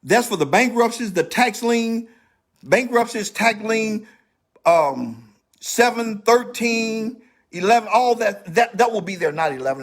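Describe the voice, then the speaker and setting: A man's voice: high voice, animated, normal speed. A man hosting a casual livestream about credit repair, emphatic and repetitive, speaking straight to his viewers. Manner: emphatic, repeats himself, talks straight to viewers.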